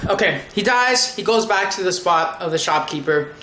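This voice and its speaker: An anime reviewer giving a casual episode recap, excitable and rambling, with frequent swearing. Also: mid-range voice, fairly quick, hardly any pauses, echoey room, a little hiss or hum.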